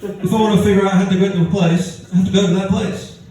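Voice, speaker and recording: Deadpan stand-up man with Australian-sounding accent. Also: high voice, quick pace. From outskirts of London. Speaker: stand-up comedian. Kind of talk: stand-up comedy set. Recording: echoey room heard from far off, faint noise. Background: audience laughter.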